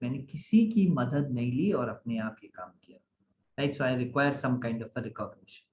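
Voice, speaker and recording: A man's voice: medium pitch, very fast. A man teaching a grammar class online, often checking that the class follows. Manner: animated, asks the class many checking questions. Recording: echoey room.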